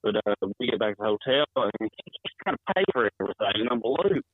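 A wrestling promoter, telling stories in a rambling, chuckling way while calling in to an interview. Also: male voice, on the low side, lively intonation, fast talker, slightly rough, no echo. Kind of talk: phone-in interview storytelling. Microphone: phone. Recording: tinny dry phone line.

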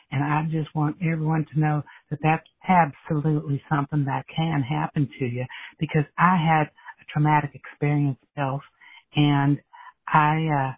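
A man's voice: fairly high pitch, lightly acted. A man calling in with a comedic impression of a brawny, tough-talking 1980s celebrity who wears gold chains, in a boastful, aggrieved, rambling manner. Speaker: caller. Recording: tinny phone line.

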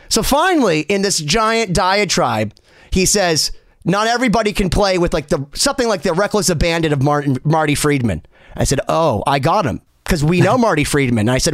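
A man, a music producer, telling a story in an animated way, laughing and acting out the people he quotes. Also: sits high, no room sound, studio quality. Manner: excitable, laughing, acts out quoted voices.

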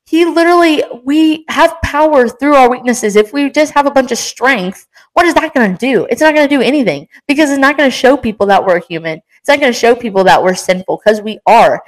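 A woman's voice: a little high, animated, fairly quick, hardly any pauses, low-quality recording. A young woman hosting a casual faith podcast, talking with passion and energy in a rambling, encouraging way. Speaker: podcast host.

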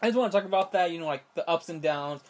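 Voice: mid-range voice, very fast. A young adult vlogger ranting in a casual, rambling way, exasperated and incredulous, with constant "like" fillers and restarts. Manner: rambling, heavy use of "like" fillers. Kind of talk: casual rant to camera.

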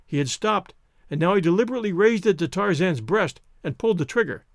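Expressive male audiobook narrator. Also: high voice, fast talker, no echo, studio quality. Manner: expressive, theatrical reading. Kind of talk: scripted narration.

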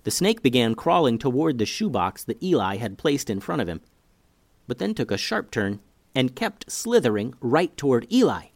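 Animated male children's storyteller. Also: mid-range voice, normal speed, no echo, studio quality. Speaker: podcast host and storyteller.

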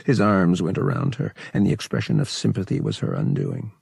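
A man reading a novel aloud as an audiobook narrator, telling the story in a measured, expressive way. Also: deep voice, gravelly, breathy edge, no echo, clean studio sound.

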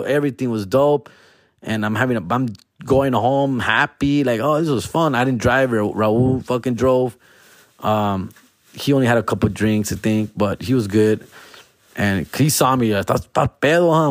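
Young man, mid-pitched, casual slangy storyteller with dramatic whiny outbursts, dry close mic. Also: dry recording. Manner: slangy, animated, swings into loud exaggerated whines.

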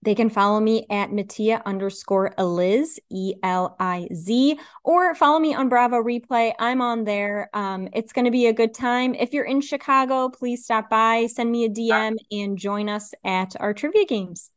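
Higher-voiced woman podcaster, dry sound. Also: normal speed, hardly any pauses, no echo. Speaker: podcast co-host. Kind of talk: casual chat.

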